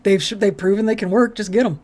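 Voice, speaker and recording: A woman's voice: medium pitch, quick pace, darkish tone. A woman co-hosting a podcast, chatting casually and enthusiastically about a TV episode, swearing freely and laughing often. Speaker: podcast co-host. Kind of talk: casual chat recapping a TV episode.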